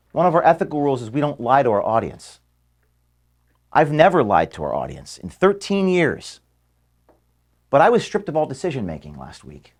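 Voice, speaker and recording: A man recording an emotional statement to his staff from an office, earnest and close to tears, his voice sinking low and quiet at times. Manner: earnest, voice dropping low and quiet when moved. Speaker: organization founder addressing staff.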